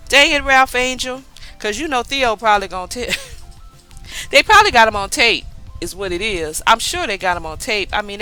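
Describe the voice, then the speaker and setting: Bright-voiced woman recapping a TV episode. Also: mid-range voice, rough recording. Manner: chatty retelling with many fillers and asides. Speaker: TV recap vlogger.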